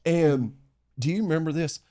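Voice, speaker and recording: A man's voice: on the high side, normal speed, warm tone, no room sound. A man co-hosting a podcast, casually telling a teasing story about his friend. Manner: laughing, teasing anecdote telling. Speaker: podcast co-host. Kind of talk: casual chat.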